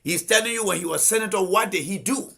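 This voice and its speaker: A combative man with a Liberian accent delivering political commentary on a live stream. His voice sits high and gravelly, with a bright, husky edge. He hammers his points home with repeated rhetorical questions. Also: fast talker. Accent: Liberian English.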